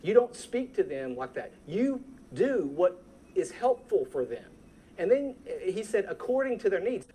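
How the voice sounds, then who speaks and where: A preacher delivering a church sermon in a lively, conversational way, acting out everyday scolding voices. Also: medium pitch, unhurried, breathy edge, rough recording.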